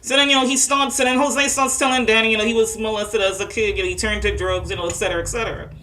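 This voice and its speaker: A woman's voice: a little high, fairly even intonation, fast, pushed and bright. A woman recapping a TV episode in a casual chatty monologue, full of fillers and asides. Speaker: vlogger reviewing a TV episode.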